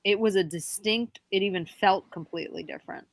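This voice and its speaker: A young woman appears as a podcast guest, haltingly recounting a paranormal experience of her own, and she grows animated whenever she quotes herself. Her voice sits mid-range with some vocal fry, and there's no echo.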